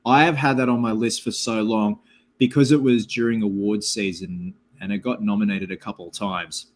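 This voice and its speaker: A man's voice: lowish voice, fairly even intonation, normal speed, slight background noise. A man hosting a casual live-stream Q&A, rambling and chatty with lots of filler words as he reads viewer comments aloud. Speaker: livestream host.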